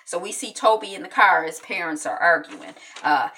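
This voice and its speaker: A woman's voice: low voice, normal speed, few pauses, recorded from a distance. A woman chattily recapping a TV episode, acting out the characters' lines. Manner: animated, acts out quotes, chatty. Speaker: show recap host. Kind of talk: casual TV recap.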